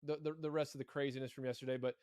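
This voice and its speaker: A man co-hosting a casual college sports podcast, animated and stumbling over repeated words as he talks. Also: mid-range voice, racing, smooth, dry recording, studio quality. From Arkansas. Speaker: podcast co-host.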